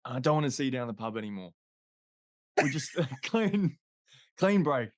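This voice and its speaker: A man's voice: medium pitch, very animated, moderate pace, no echo. A Scottish man co-hosting a podcast in casual chat, throwing in dry quips and laughing often. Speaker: podcast co-host.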